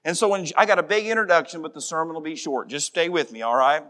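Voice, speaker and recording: A middle-aged man preaching a sermon as pastor, emphatic, dropping to a soft voice in prayer. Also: on the high side, fast.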